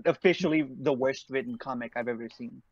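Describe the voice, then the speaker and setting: A man co-hosts a casual chat, dry and sarcastic. His voice is mid-pitched, and the recording is muffled and lo-fi. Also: brisk, a crowd in the background. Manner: sarcastic, wry. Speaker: podcast co-host. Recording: dull lo-fi sound.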